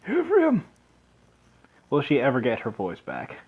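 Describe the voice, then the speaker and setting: A man's voice: a little high, normal speed. Joking young guy, lo-fi let's play. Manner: joking, laughs, trails off. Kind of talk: casual gameplay commentary.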